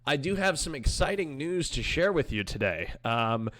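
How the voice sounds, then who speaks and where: Young male streamer-host, bright tone, pitched a little high, loose rambling chat with his viewers. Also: very animated, moderate pace. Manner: rambling, chatty, talks back to his chat. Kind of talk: casual live-stream chat.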